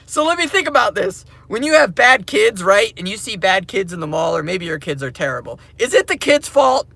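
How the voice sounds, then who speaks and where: A man ranting casually to camera as a crypto mining vlogger, excitable and slangy, laughing often. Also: high voice, brisk, creaky, no room sound.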